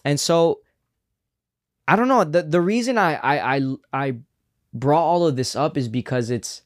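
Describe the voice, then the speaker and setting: This young adult co-host of a casual faith podcast has a fairly high voice with lively intonation. Earnest and reflective, he's quick to offer affirmation.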